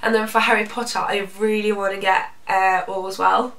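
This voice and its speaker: A young Norwegian woman with a Norwegian accent, reading fan questions in an excitable, chatty way. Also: mid-range voice, moderate pace, creaky, recorded from a distance, slight background noise. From Norway. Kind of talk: casual Q&A chat. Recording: echoey room, off-mic.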